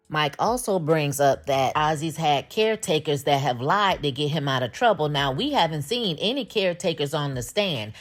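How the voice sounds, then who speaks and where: A woman with a notably low voice recaps a TV episode. She talks casually in slang and drops wry jokes as she retells each scene. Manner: chatty and slangy, with wry humor. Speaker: TV recap host.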